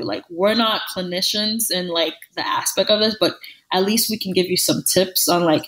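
A woman co-hosting a podcast in casual chat, talking in an animated, emphatic way and repeating phrases for stress. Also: on the low side, moderate pace, poor audio. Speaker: podcast co-host.

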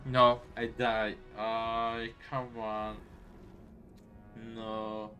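A man giving excitable live gameplay commentary in broken English, taunting the enemies he fights. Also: mid-range voice, extremely slow. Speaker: gameplay streamer. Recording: game music playing underneath. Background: game music.

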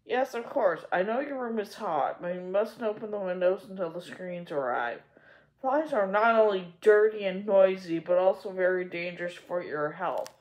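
A woman's voice: medium pitch, animated, normal speed, a little mellow, lightly acted. A woman doing a stern, strict aunt. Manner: stern, clipped. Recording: echoey room.

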